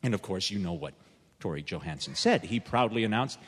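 A man telling a humorous tale in a deadpan storytelling manner. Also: fairly low pitch, a little fast, slightly rough, big-room sound.

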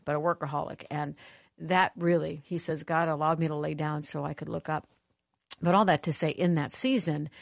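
A woman's voice: deep voice, gravelly, no echo, studio quality. A middle-aged woman hosting a Christian talk, sharing a personal story in an earnest, conversational way and turning it into spiritual teaching. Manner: earnest, conversational, animated in retelling. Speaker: Christian radio host and author.

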